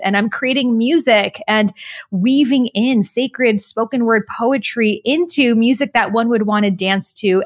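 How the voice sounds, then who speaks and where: Earnest, animated woman telling her story. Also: medium pitch, no room sound, clean studio sound. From United States. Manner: earnest, animated, spiritual-motivational talk. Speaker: podcast guest, author and coach. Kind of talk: reflective conversational storytelling.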